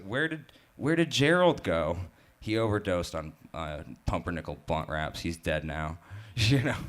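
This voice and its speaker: Low-voiced man doing stand-up. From Utah. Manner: halting, filler-heavy joke delivery. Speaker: open mic comedian. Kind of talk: stand-up comedy set. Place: live open mic stage.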